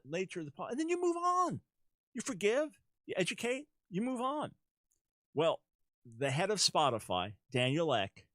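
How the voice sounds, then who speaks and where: A middle-aged man hosting a talk show, giving animated commentary on current events that rises to emphatic peaks. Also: mid-range voice, dry recording. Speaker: radio talk show host.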